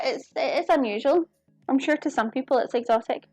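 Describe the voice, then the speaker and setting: Chatty woman, slightly high voice. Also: normal speed, a little mellow, no room sound, soft background music. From United Kingdom. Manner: chatty, giggly, talks to viewers while working. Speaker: cooking streamer. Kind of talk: casual live-stream chat while cooking. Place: home kitchen.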